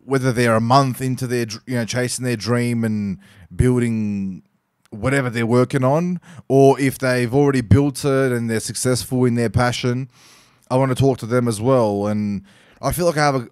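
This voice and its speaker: Casual, profane young podcast host, dry sound. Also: male voice, mid-range voice, clean tone, no echo. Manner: casual, profane, rambling with restarts and fillers. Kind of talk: casual solo podcast monologue.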